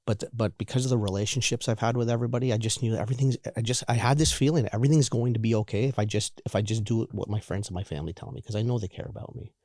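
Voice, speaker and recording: A man in his forties telling his own recovery story in a halting, candid way, often repeating words and restarting. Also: fairly low pitch, a little mellow, no room sound, clean studio sound. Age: 40s. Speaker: guest sharing recovery story.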